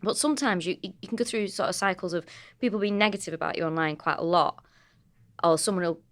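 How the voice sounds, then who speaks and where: Woman, Manchester accent, comedian co-host, sweary, animated storyteller, casual podcast chat. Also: on the low side, fast. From North of England.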